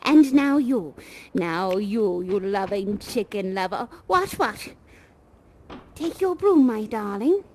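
A woman's voice: medium pitch, expressive, slow, darkish tone, a little hiss or hum, rough recording. A woman playing a doting, eccentric female leader of a sweepers' union in a virtual reality game, leading a theatrical, solemn oath with pet names for everyone. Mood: exuberant. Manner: solemn, ceremonial oath-giving.

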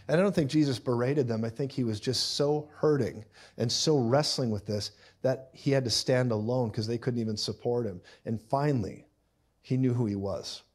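A middle-aged man preaching a sermon, telling the story with animated, acted-out voices and loud bursts. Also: medium pitch, normal speed.

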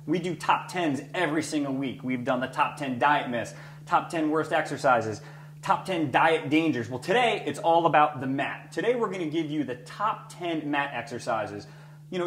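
Upbeat male fitness trainer, slightly high voice, a bit breathless while demonstrating moves; echoey room, faint hum. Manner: energetic coaching, talks while exercising. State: breathing heavily. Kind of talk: exercise demonstration.

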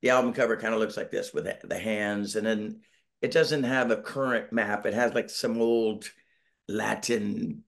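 A man's voice: on the low side, steady tone, moderate pace, vocal fry, a bit bright. A middle-aged man telling a long story over a video call from home. He rambles, restarts and plays out quotes from other people as he goes. His tone is casual and self-deprecating. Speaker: band member, interview guest. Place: home, Northern California.

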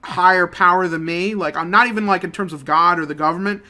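A young man ranting in a casual, profane, rambling way, swinging between low mutters and loud outbursts. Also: fairly even intonation, fast talker. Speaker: gaming channel host. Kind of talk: casual rant over gameplay.

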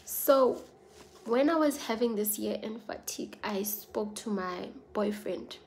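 A South African woman speaks straight to her viewers in a personal vlog. Her voice sits at an ordinary middle pitch, and her delivery is earnest and confiding. Faint noise runs underneath. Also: measured pace. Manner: earnest, confiding, mixes languages. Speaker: vlogger.

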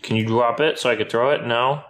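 A man chatting casually on camera while playing with his puppy, playful, often jumping up into high baby-talk at the dog. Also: steady tone, brisk, fairly bright tone, a little hiss or hum. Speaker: YouTuber filming his dog. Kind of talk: casual vlog chat with a puppy.

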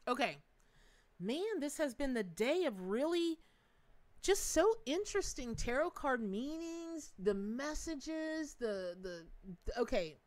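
A woman's voice: high-pitched, sing-song, a little slow. A middle-aged woman hosting a live tarot reading, talking in a bubbly, chatty way with frequent laughs and folksy asides.

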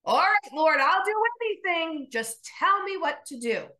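A woman voicing a panicked man clinging to a cliff, shouting and pleading. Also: extremely high pitch, lively intonation, measured pace, voice pushed up, heavily acted.

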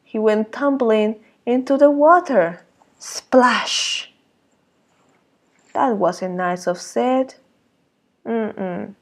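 Slow, gravelly-voiced teacher reading to children. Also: female voice, medium pitch. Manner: expressive, exclaiming, asks children questions. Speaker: early years teacher. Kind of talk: circle-time lesson and picture-book read-aloud for young children.

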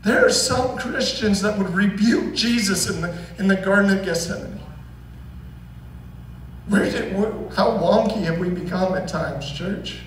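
A man's voice: high voice, normal speed. A man preaching a sermon as pastor, earnest and emphatic, asking the congregation pointed questions. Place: church sanctuary. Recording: roomy, distant church recording with faint hum.

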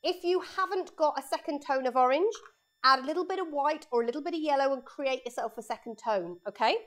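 A woman with a high-pitched voice talks quickly as she gives children a live painting lesson in her studio. She chats and explains every step while she draws, speaking into a lapel mic.

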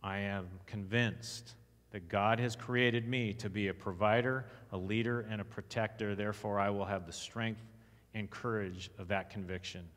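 A man's voice: on the low side, steady tone, moderate pace, a bit bright. A man with a Texan accent giving a sermon-style teaching, emphatic, asking the audience questions and reading scripture aloud. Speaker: conference speaker. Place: church hall. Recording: long echo of a church hall.

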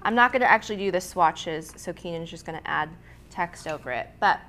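A young woman hosting a casual art lettering tutorial, chatty and quick to laugh, with frequent ums and restarts. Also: fairly low pitch, bright, forceful tone. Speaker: art instructor and host.

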